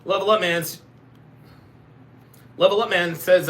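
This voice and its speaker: High, bright, lively male streamer. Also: a little slow, long pauses. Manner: crude joking, laughs often, animated exclamations. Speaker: host of a dating-show reaction stream. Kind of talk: live reaction commentary reading chat aloud.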